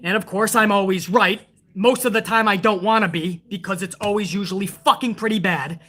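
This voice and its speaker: A man's voice: high voice, fairly even intonation, brisk, pushed and bright. A man reviewing a wrestling show on a casual live stream, talking in a profane, exasperated and mocking way.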